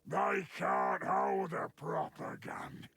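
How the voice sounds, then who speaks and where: An actor playing a huge, boastful, brutish male ogryn soldier in a game, with a gravelly growl and slow, menacing boasts. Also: a little high, wildly swooping pitch, bright, forceful tone, no echo, exaggerated voice.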